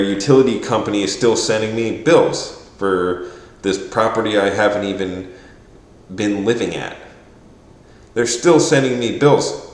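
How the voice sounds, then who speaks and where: A man rambling through a profane, exasperated rant to camera, often mimicking other people's voices. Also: fairly low pitch. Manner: quotes others in mocking voices. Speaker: vlogger. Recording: echoey room.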